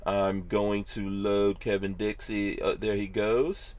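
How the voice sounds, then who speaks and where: A man's voice: fairly low pitch, flat delivery, takes it slowly, background noise. A man hosting a live podcast from his car, casual and joking, laughing easily with his guest. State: tired. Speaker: podcast host.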